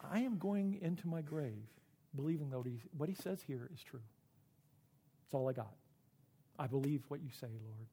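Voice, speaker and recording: A middle-aged man preaching a sermon, earnest and emotional, often halting and repeating words. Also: fairly high pitch, lively intonation, dark tone, breathy edge. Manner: earnest and personal. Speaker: pastor.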